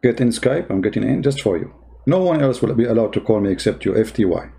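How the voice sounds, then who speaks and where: A man's voice: lowish voice, animated, fast talker, creaky, dark tone. A man hosting a heated live call-in debate, speaking. He mocks the caller and repeats his demands insistently. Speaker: debate show host.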